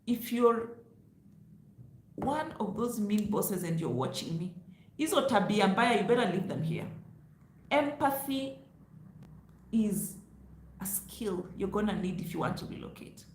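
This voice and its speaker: A woman with a lilt speaks straight to her viewers, loud and emphatic, scolding and teasing in turn. Her voice sits in a middle register and rings out in a roomy space. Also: medium pitch, lively intonation, a little slow, pauses often, slight background noise. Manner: loud, emphatic, lecturing with laughs. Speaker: travel vlogger. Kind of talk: direct-to-camera advice vlog.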